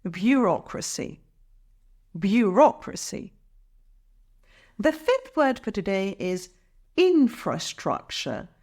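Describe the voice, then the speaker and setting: A woman gives an English pronunciation lesson at an unhurried pace. Her pitch rises and falls in a lively way. She draws out each syllable carefully so learners can repeat after her. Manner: careful, drawn-out syllables for practice. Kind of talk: slow, clear pronunciation lesson.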